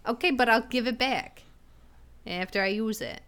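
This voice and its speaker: Woman playing a tabletop game, smooth voice. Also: on the high side, fairly bright tone. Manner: halting, restarts, playful. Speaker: player. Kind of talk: tabletop role-play, casual in-character talk.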